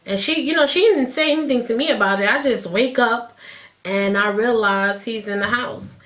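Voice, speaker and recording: Vlogger: animated woman in her thirties, casual storytime, fairly high voice. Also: normal speed. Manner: animated, chatty, acts out quotes.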